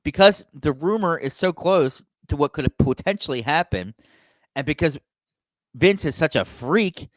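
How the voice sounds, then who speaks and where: Animated man hosting a wrestling podcast. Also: fairly high pitch, moderate pace, dry recording. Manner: animated, laughing, repeats "you know" and "right?". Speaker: podcast host, channel owner. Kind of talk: casual wrestling talk.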